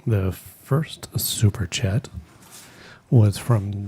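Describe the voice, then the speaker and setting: A man co-hosting a live painting stream, reading out viewer messages with dry jokes and halting speech. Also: on the low side, fairly even intonation, mellow, breathy edge. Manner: dry joking, halting, reads names out.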